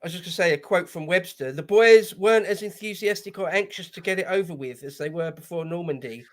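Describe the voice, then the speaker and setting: A man with a notably high voice joins a casual panel discussion. He talks eagerly and now and then reads short passages from books. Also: fast. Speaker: panel guest.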